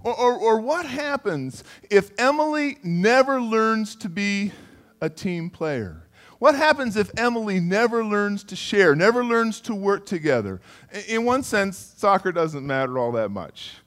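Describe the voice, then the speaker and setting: A man's voice: high voice, expressive, unhurried, a bit bright. A middle-aged man preaching a sermon in a conversational way, calling on listeners by name and often repeating words. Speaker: pastor.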